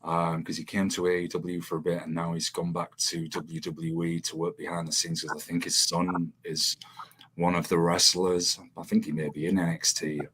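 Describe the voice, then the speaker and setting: A man talks in a loose, rambling way, restarting sentences and breaking into laughter. His voice sits very low and has a husky, slightly rough edge. He comes across as an easygoing podcast host. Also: level tone, moderate pace, fairly bright tone. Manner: rambling, laughs often, many fillers and restarts. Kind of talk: casual chat.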